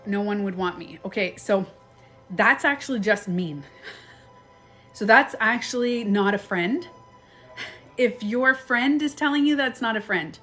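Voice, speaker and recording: A woman's voice: medium pitch, unhurried, pauses often, faint music behind. Chatty woman coaching on a live stream. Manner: chatty, animated, acts out quoted phrases, laughs often. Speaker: life and beauty coach. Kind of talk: casual live-stream advice talk. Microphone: phone.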